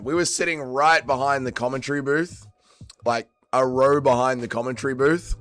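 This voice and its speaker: A man's voice: mid-range voice, a bit bright, clear, resonant tone. An Australian man hosting a casual livestream, chatting and swearing with his viewers while still drunk and tired after a late night. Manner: swearing, laid-back banter with chat. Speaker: livestream host.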